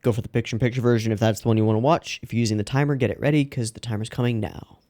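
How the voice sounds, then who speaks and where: A man hosting an anime reaction video, talking casually and rambling, with loud excited outbursts and some yawning. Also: mid-range voice, very fast. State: yawning, sleepy.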